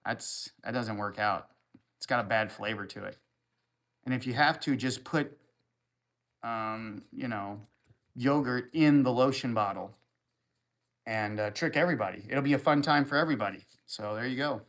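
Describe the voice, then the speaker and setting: A man's voice: mid-range voice, moderate pace, pauses often, a bit bright. A man hosting a livestream, reading viewer comments aloud and answering them with crude, rambling jokes in easy casual chat. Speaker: livestream host.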